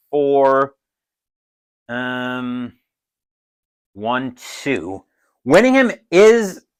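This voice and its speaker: A man calling a tabletop dice baseball game as a solo play-by-play announcer, who gets loud and excited on big plays. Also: on the high side, low-quality recording. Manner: adds his own crowd cheers.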